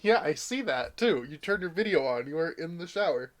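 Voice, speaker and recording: A man's voice: fairly high pitch, animated, a little fast, a little hiss or hum. A man livestreaming a video game, chatting casually and often breaking into laughter. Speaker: game streamer. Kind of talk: casual chat while livestreaming.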